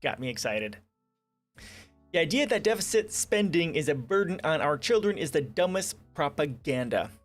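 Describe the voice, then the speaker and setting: Male streamer, higher voice, sarcastic and swearing, faint music underneath. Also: lively intonation, brisk, hardly any pauses. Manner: profane, sarcastic, reads articles aloud and rants. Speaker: livestream host. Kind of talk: casual political commentary stream.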